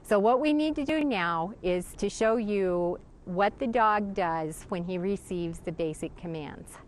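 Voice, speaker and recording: A woman's voice: mid-range voice, a little slow. A woman dog trainer giving casual spoken instruction, explaining and demonstrating commands with a dog.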